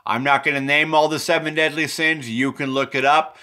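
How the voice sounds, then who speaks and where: A man talks through his drawings in a loose, wandering way, circling back and restarting phrases. His voice is fairly high and bright. His phrases often sink low and quiet as he trails off. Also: little pitch movement, a little fast. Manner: meandering, repetitive, self-correcting. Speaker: presenter explaining his drawings. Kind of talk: rambling, unscripted explanation.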